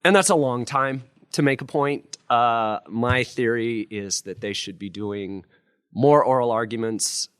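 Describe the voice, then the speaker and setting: A man's voice: mid-range voice, measured pace, a bit bright, clean tone, no echo, studio quality. A man, a criminal defense lawyer, talking casually and with self-deprecating humor on a live panel in front of law students. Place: law school lecture room with student audience.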